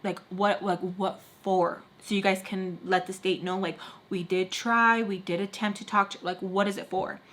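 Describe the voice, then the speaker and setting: A young adult woman, a beauty vlogger, recounts a personal story in a medium-pitched voice at a moderate pace with few pauses. Her retelling is casual, animated, and packed with fillers, carrying a blunt, frustrated edge.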